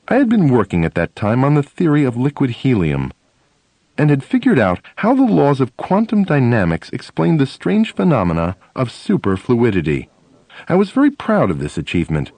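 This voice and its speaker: A man narrating a first-person memoir audiobook, telling stories in an animated way. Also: mid-range voice, dry recording. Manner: animated storytelling, acting out dialogue.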